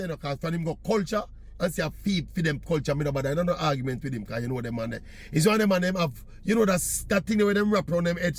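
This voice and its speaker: Husky Jamaican man telling stories. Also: on the high side. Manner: chatty, animated, mixes Jamaican patois. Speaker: vlogger. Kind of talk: casual storytelling monologue.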